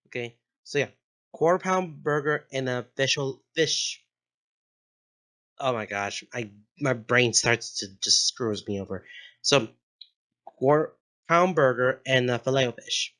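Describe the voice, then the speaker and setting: A man's voice: mid-range voice, a little slow, pauses often, fairly bright tone. Giggly man rambling to his channel. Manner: giggly, goes off on tangents, corrects himself. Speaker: channel host. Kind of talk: casual rambling commentary.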